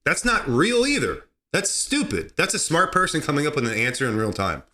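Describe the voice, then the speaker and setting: A man hosting a comedy podcast, talking sarcastically and excitably, laughing at his own jokes. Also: on the high side, brisk. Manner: sarcastic, excitable, mock-outraged asides. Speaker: podcast host.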